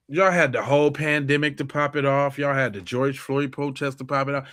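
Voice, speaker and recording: A man's voice: mid-range voice, normal speed, a bit bright, smooth. A man hosting a live stream, talking casually and mocking viewers' comments in a heated tone. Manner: heated, mocking, talks straight at the chat.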